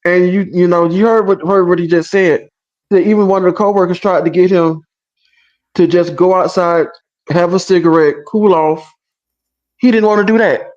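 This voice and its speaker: A man's voice: high-pitched, normal speed, dull audio. A male livestream co-host chatting casually and explaining a clip. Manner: relaxed, agreeable, explains the situation. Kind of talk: casual reaction chat.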